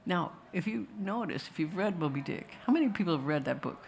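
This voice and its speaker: A woman's voice: fairly low pitch, lively intonation, a little fast, gravelly, a little hiss or hum. A woman telling a wry, digressive story to a festival audience and slipping into voices now and then. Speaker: filmmaker answering questions.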